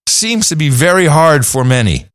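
Animated man co-hosting a podcast. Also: a little high, moderate pace, dry recording, clean studio sound. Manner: animated, rambling with fillers. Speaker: podcast co-host. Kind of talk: casual chat.

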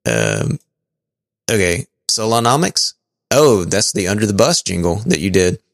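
Gravelly-voiced guy cohosting a podcast, reads listener notes, kinda stumbly and laughy, dry close sound. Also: sits low, wildly swooping pitch, measured pace, no room sound. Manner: stumbling, chuckling, thinking aloud. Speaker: podcast co-host. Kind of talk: casual chat, reading out listener messages.

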